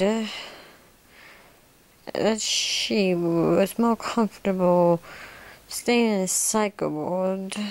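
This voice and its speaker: A woman voicing a smug male cannibal mastermind in an amateur role-play monologue, slipping into soft whispers. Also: mid-range voice. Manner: slow, drifting into soft whispers.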